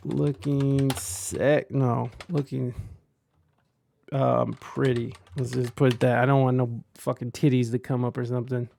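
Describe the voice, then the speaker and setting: A man's voice: mid-range voice, little pitch movement, unhurried, gravelly, mellow, slight background noise. A man hosting a podcast, rambling through casual commentary with stumbling restarts and crude jokes. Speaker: podcast host reading chat.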